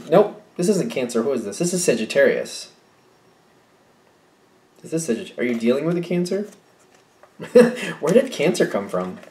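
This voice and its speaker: A tarot reader with a warm, mid-range voice gives a casual reading, musing aloud and frequently correcting himself after short hesitations, with light laughs. The room sounds echoey.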